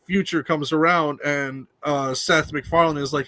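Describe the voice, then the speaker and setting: A man with a somewhat high voice chats on a live stream as a guest actor. He tells anecdotes with animated quoted lines along the way. He sounds relaxed and conversational. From Pennsylvania. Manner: chatty storyteller, quick impressions of quotes. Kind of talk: casual live-stream chat.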